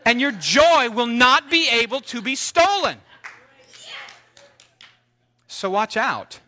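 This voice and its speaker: A man preaching with a high, bright, ringing voice. He teases his listeners with ironic warnings, then lifts into exclaimed peaks before dropping to quiet asides. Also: big pitch swings, unhurried. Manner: dynamic, swings from hushed asides to exclaimed highs. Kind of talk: sermon.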